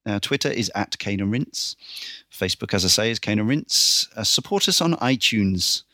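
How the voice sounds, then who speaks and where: A male podcast host with a low, gravelly voice, chatty and brisk as he runs through a list with dry asides. He sounds close to the mic in a dead, dry room. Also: animated, bright, forceful tone, no room sound. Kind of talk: casual podcast wrap-up.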